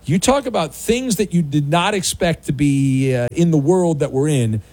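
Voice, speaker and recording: A man's voice: a little high, no echo. A man hosting a sports radio show, chatting casually and teasing his callers. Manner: animated, talkative, quick to tease callers.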